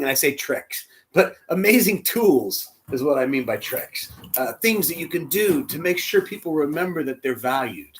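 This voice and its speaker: A man leading a church, telling a heartfelt personal story in a sermon, dropping to a hush and rising loud as he acts out the quotes. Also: on the high side, expressive, normal speed, hardly any pauses. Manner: emotional, swings from hushed to loud, acts out quotes. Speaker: church spiritual leader.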